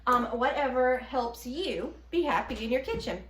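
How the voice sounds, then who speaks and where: Southern woman host, high voice, upbeat and chatty, echoey kitchen demo. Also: expressive, moderate pace, a bit bright. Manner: chatty, upbeat, with frequent ums and laughs. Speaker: host demonstrating her baking product. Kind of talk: casual cooking demonstration.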